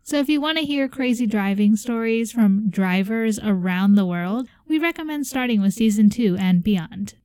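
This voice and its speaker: A woman co-hosting a podcast in casual chat, animated and quick to giggle. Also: medium pitch, clear, resonant tone, no echo. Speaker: podcast co-host.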